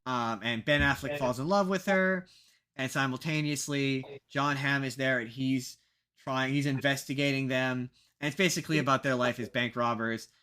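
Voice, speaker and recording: A man's voice: medium pitch, moderate pace, bright, forceful tone, clear, resonant tone. A young man co-hosting a casual podcast, rambling and poking fun at himself, with lots of fillers and restarts. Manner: rambling, self-mocking, many fillers and restarts. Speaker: podcast co-host.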